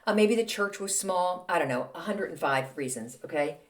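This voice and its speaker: A woman's voice: lowish voice, expressive. Chatty snarky woman podcaster. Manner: snarky, chatty, exasperated rants with quick asides. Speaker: podcast host. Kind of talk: casual solo podcast monologue.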